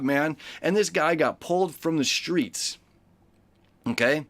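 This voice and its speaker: A man's voice: a little high, slow, fairly bright tone, no room sound. A man hosting a daily horoscope, talking casually and rambling with many fillers and asides, sometimes acting out quoted voices. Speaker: astrology host.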